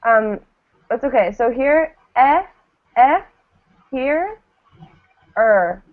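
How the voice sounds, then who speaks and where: Slow, patient woman teaching. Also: high voice, lively intonation. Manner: slow, patient, models words for repetition. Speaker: English pronunciation teacher. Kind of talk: classroom pronunciation drill. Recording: tinny phone-like lo-fi sound.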